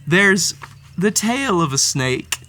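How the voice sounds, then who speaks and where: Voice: medium pitch, big pitch swings, takes it slowly, sharp tone, a little hiss or hum. A storybook read-aloud host narrating a children's story with playful, theatrical flair and speaking directly to the story's cat.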